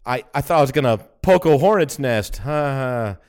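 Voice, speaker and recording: A man's voice: medium pitch, expressive, moderate pace, clean tone. A man co-hosting a podcast, telling long rambling stories with lots of swearing, and laughing at himself. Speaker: podcast co-host. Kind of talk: casual chat.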